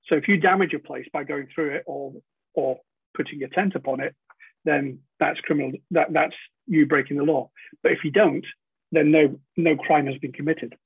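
A middle-aged man telling a story over a tinny, phone-like line. His voice sits a little high, gravelly and husky. He talks casually, restarts his words often and swears now and then. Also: fairly even intonation, moderate pace. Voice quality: frequent stammered restarts and swearing. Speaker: podcast guest.

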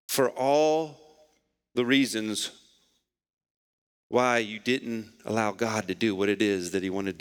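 Animated preacher in a reverberant church. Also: male voice, clear, resonant tone. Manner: dynamic preaching, rising to near-shouts and dropping low. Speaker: pastor. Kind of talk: sermon. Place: church sanctuary. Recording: long hall reverb.

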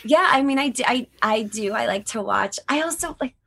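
A middle-aged woman, a voice actor appearing as a guest, chats animatedly in a casual interview. Her voice is fairly high-pitched, gravelly and husky, and she speaks at a moderate pace. She is chatty and laughs often.

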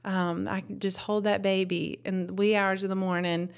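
Woman, new mom, telling her story soft and reflective, lots of likes and ums. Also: mid-range voice, level tone, moderate pace, creaky, clear, resonant tone. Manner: tender and reflective, with many fillers. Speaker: guest, host's wife and new mother. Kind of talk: casual personal testimony.

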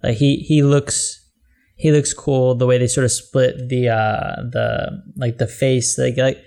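A man co-hosting a casual podcast in a mid-pitched voice, stumbling and repeating himself as he gathers his thoughts. His delivery is loose and unpolished. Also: level tone, gravelly, warm tone. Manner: halting, repeats words while searching for them. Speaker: podcast co-host. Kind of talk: casual chat.

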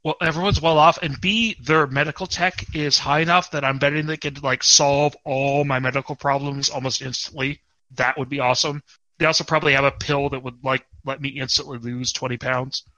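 Bright-voiced, chatty podcast host man. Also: medium pitch, fairly even intonation, fairly quick, no echo, rough recording. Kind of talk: casual podcast chat.

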